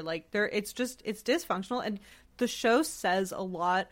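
A woman's voice: mid-range voice, normal speed. Reflective woman podcast guest. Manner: reflective, adds commentary and analysis. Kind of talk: casual podcast conversation.

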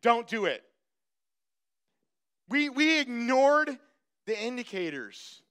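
Bright clear-voiced male pastor. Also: very high voice, takes it slowly. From grew up on a farm. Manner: storytelling, animated when acting out the story. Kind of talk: sermon with personal story. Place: church.

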